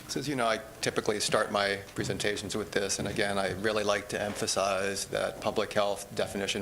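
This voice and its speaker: A man presents an agency report to a board, speaking in a steady, explanatory way and often circling back with "again". His voice sits fairly low but sounds bright and forward. Faint background hum. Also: a little fast, few pauses. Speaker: public health officer. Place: meeting room.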